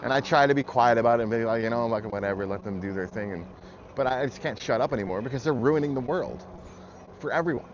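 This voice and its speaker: A man's voice: medium pitch, fast talker. A man vlogging, ranting heatedly and bluntly with plenty of swearing. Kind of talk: angry political rant. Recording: muffled audio with loud traffic noise.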